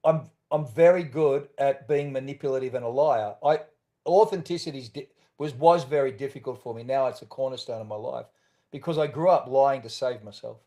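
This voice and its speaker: A man's voice: medium pitch, brisk, dark tone. A man with an Australian accent, a podcast guest telling his own story candidly and acting out the voices he quotes.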